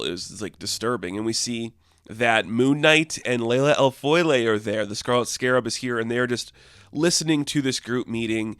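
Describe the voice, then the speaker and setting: A man's voice: medium pitch, moderate pace, fairly bright tone, smooth, no room sound, clean studio sound. A man giving a casual, rambling review of a comic book issue, full of "like" and "I guess" fillers. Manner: rambling, heavy use of "like" and "I guess".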